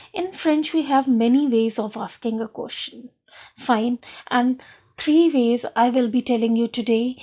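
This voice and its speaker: Slow, high-voiced woman teacher. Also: darkish tone. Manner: repeats "fine" often, explains patiently. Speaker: school French teacher. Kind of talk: recorded online lesson.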